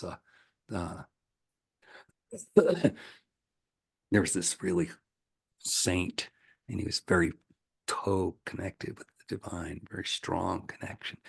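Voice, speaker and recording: A man who is a spiritual coach answering viewer questions, telling stories in an animated way and laughing often. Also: sits low, gravelly, husky. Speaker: ascension coach. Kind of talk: spiritual teaching Q&A.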